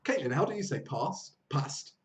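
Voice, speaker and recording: A man with a southern English accent hosting a live online English lesson over a video call, explaining phrases by repeating them slowly. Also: mid-range voice, animated. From southern England. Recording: echoey room with faint noise.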